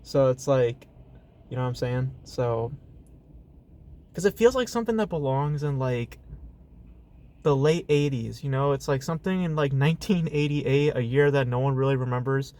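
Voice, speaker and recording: A man's voice: medium pitch, moderate pace, warm tone. A man giving a casual, ranting movie review, profane and exasperated, full of fillers and rhetorical asides. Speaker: film reviewer.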